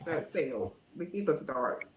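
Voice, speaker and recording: A middle-aged woman, talking in a casual interview and filling her speech with "you know", getting lively when she tells stories. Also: low-pitched, takes it slowly, roomy sound, a little hiss or hum. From Alabama. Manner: rambling, frequent "you know" fillers; animated when telling stories. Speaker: guest.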